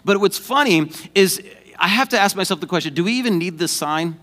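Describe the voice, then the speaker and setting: A man's voice: high-pitched, expressive, fairly quick, sharp tone. A man preaching a sermon as pastor, conversational and joking, then rising to emphatic points.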